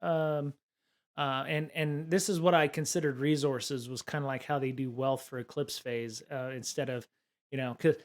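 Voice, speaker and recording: A man's voice: medium pitch, steady tone, moderate pace. Rambling man musing aloud. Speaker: live-stream podcast host. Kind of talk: casual live-stream chat.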